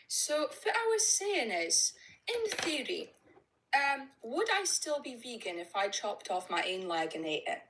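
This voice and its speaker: Lively young woman, teasing. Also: fairly high pitch, unhurried, background noise. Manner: teasing, provocative questions. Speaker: caller on a livestream. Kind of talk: casual chat.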